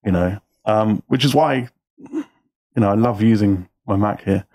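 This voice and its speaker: A man hosting a casual live stream about his music, relaxed and chatty, laughing often. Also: on the low side, unhurried. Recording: loud music under the voice.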